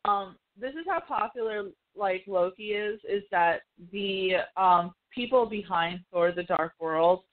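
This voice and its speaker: A woman's voice: medium pitch, a little slow, few pauses. A woman hosting a podcast, chatting casually about films, swearing freely and acting out quotes. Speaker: podcast host. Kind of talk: casual pop-culture chat. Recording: tinny phone-like call audio.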